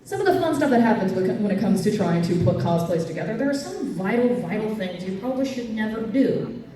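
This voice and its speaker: Animated woman comic in an echoey hall. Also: a little fast, a crowd in the background. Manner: animated, jumps to squeaky highs for quoted fans. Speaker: cosplay comedian. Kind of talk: stand-up comedy storytelling. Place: convention panel room. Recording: echoey hall, mic from far off.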